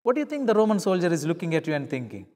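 A man's voice: on the high side, sing-song, very fast, a little mellow, big-room sound. A middle-aged male pastor preaching a sermon, telling stories and acting out the dialogue in changing voices. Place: church.

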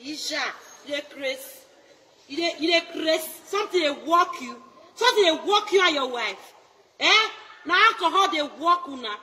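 A Nigerian woman in a loud, taunting social media rant, mocking and laughing between her jabs. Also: very high-pitched, lively intonation, moderate pace, a little hiss or hum.

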